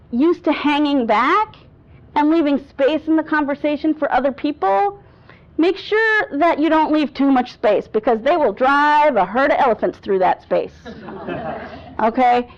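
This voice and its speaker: A woman speaking coach giving a lively workshop talk to a live audience, acting out voice examples and laughing often. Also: sits high. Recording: dull lo-fi sound.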